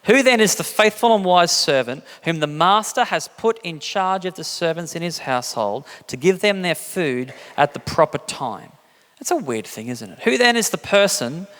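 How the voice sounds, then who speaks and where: Pastor, male, slightly high voice, relaxed storytelling sermon with jokes, church hall reverb. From England. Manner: conversational, jokey, acts out quotes with big pitch jumps.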